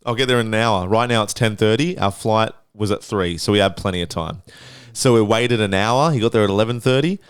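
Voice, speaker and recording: A young Australian podcast host tells a story casually, swearing freely and voicing the quotes in an animated retelling. His voice is on the low side, brisk, clear and resonant, with no echo.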